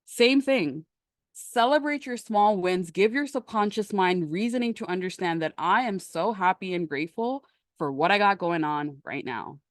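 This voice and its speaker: A woman coaching on a live stream in a lively, emphatic, conversational way, answering questions from the chat. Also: on the low side, no echo, studio quality. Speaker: manifestation coach.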